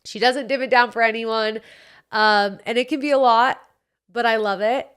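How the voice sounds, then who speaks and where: A woman's voice: on the high side, steady tone, normal speed, fairly bright tone, smooth. A young woman hosting her own podcast, chatting casually and effusively through a recap of the year, with the odd swear word. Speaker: podcast host.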